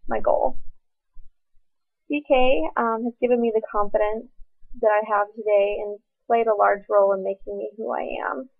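A woman's voice: medium pitch, creaky. A woman, a former camper, encouraging campers to make the most of camp. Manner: encouraging, rallying. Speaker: camp alumna. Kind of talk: recorded message to campers. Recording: tinny phone-like sound.

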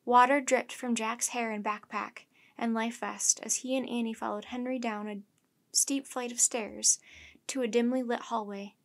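Female storyteller for a kids' chapter book; gentle, measured, slightly high voice. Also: steady tone. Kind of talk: reading a children's book aloud.

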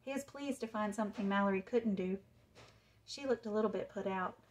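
Woman, children's author, storybook read-aloud, measured, suspenseful, mid-range voice. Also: mid-range voice, low-quality recording.

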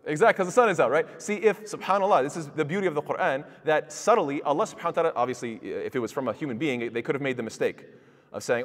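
A Quran teacher delivers a tafsir lecture in a mosque hall, his voice fairly high, expressive and rapid-fire, echoing through the large space. He explains verses by posing rhetorical questions to his audience and recites the Arabic in classical pronunciation.

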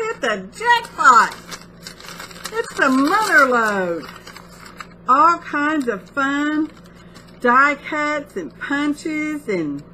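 A woman's voice: high voice, very animated, extremely slow, pushed and bright, slight background noise. A middle-aged woman in a casual, chatty craft vlog, gushing with delight as she opens mail. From United States. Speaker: craft vlogger. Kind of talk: casual unboxing chat.

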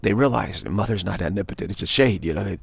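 A man giving a rambling spiritual talk, digressive and halting, restarting his sentences often. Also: fairly low pitch, lively intonation, vocal fry, husky, no echo. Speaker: spiritual teacher. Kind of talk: rambling spoken monologue.

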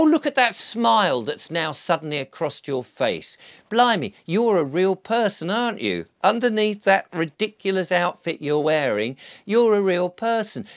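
A man's voice: medium pitch, no room sound. A man giving an earnest, rambling monologue to camera, coaxing and full of restarts. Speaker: video blogger.

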